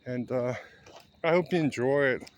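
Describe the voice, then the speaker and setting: A man's voice: mid-range voice, normal speed. A man in his seventies chatting casually while walking a park trail, rambling as he goes. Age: 70s. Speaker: vlogger.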